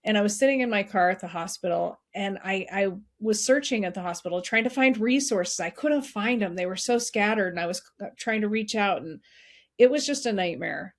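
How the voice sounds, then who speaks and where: A middle-aged woman, a podcast guest, telling a painful personal story in an earnest, heartfelt way with quick restarts. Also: mid-range voice. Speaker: podcast guest, nonprofit founder.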